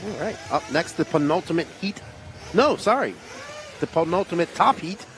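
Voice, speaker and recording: Brisk male co-commentator, noisy track. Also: a little high, lively intonation, a bit bright. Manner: brisk, reads out names and lists. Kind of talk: live RC car race commentary.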